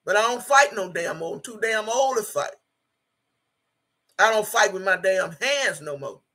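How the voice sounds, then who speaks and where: A woman's voice: mid-range voice, lively intonation, measured pace, sharp tone. A woman in her sixties hosting a casual livestream from her home, reading viewer comments aloud in a blunt, profane and emphatic way and repeating herself. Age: 60s.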